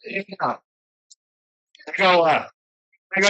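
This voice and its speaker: This is a personal recovery share from an alumni speaker: a man speaking candidly, with profanity and self-mockery, as a camera follows him around the meeting room. He has a high-pitched, animated voice that sounds pushed and bright, and he keeps a measured pace. Recording quality is low.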